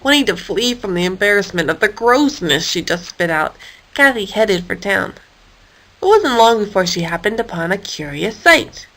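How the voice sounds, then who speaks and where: A woman reading a children's animal story aloud in a lively, expressive way. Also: mid-range voice, vocal fry, low-quality recording.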